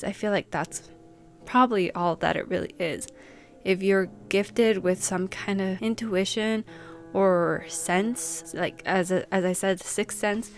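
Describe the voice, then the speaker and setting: Casual woman reading viewer stories. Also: medium pitch. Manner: casual and chatty, with lots of "like". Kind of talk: reading submitted stories aloud and chatting about them.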